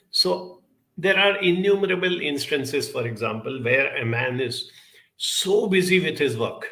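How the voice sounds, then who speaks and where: A man's voice: medium pitch, vocal fry, pushed and bright, poor audio. A man, a counselor giving an earnest, explanatory talk to camera and putting questions to the viewer.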